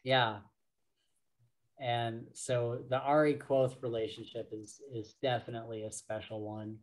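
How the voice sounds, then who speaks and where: A man co-hosting a podcast, slowly and casually retelling book scenes with lots of fillers and restarts. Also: medium pitch, level tone. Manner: slow, rambling retelling full of fillers. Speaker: podcast co-host.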